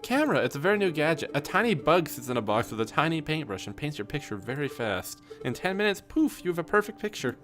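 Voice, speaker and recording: A man's voice: on the high side, big pitch swings, fast, hardly any pauses, a bit bright, faint music behind, pitched above the performer's own voice. A man voicing a young, bubbly cat noblewoman with a valley-girl lilt while reading game dialogue aloud.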